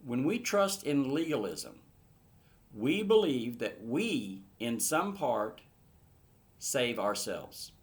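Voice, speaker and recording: Male Bible teacher, mid-pitched, earnest verse-by-verse teaching with emphatic peaks. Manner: earnest, building to emphatic bursts.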